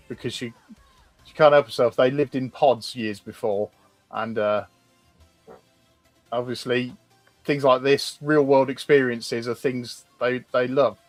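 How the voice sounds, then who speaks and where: A man's voice: mid-range voice, no room sound. A man co-hosting a livestream, casually explaining characters with frequent ums and restarts. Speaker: co-host presenting concept art.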